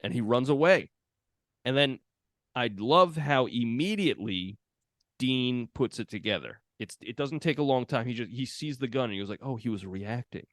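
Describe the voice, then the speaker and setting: A man's voice: mid-range voice, expressive, normal speed, no echo, studio quality. A man hosting a podcast, chatting casually and retelling film scenes with lots of fillers. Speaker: podcast host.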